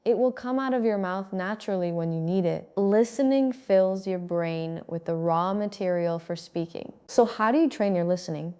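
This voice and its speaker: A woman giving a calm, scripted English-speaking lesson, pronouncing each word clearly and steadily. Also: medium pitch. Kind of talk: scripted instructional narration.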